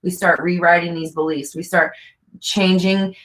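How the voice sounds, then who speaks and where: A woman answering viewer questions as a coach, with a slightly lower voice. She talks casually and earnestly, repeating phrases and thinking aloud with fillers. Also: level tone, moderate pace, a bit bright, slight background noise. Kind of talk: casual advice talk.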